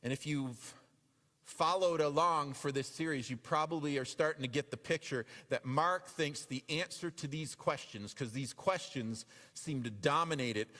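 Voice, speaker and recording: A man's voice: a little high, moderate pace, sharp tone. A male pastor preaching a sermon in a conversational way, often repeating his questions. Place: church sanctuary. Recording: long reverb of a church hall.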